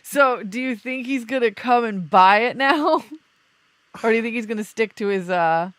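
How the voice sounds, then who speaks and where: A woman's voice: a little high, lively intonation, a little slow, dry recording. A woman hosting a podcast in casual, chatty talk, rambling loosely and laughing easily. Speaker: podcast host. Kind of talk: casual chat.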